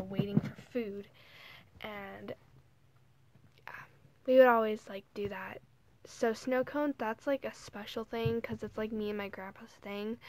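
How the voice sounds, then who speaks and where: A teenage girl vlogging casually, talking softly and hesitantly with many fillers while holding back tears. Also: on the high side. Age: teens. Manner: soft, hesitant, full of "like" and "you know". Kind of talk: casual emotional vlog.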